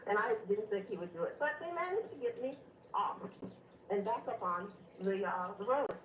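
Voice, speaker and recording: A woman calling in to a radio show, telling a long story in a rambling, animated way with many fillers. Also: mid-range voice, normal speed, reverberant, far from the mic, a little hiss or hum, low-quality recording. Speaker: caller. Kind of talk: phone-in storytelling.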